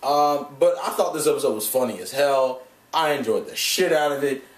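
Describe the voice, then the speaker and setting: A man's voice: mid-range voice, normal speed. A man giving a casual vlog review of an anime episode, rambling and swearing, often laughing at his own points. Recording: echoey room, mic at a distance.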